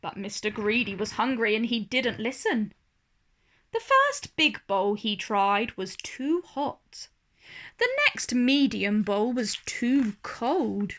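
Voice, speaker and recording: A woman reading a children's storybook aloud in a slow, expressive manner. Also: fairly high pitch.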